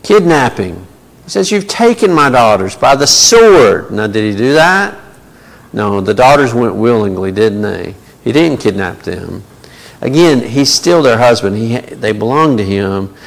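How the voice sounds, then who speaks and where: A man's voice: lowish voice, lively intonation, a little slow, vocal fry. A man teaching a Bible study in a conversational way, with many fillers and asides. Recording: long reverb of a large hall.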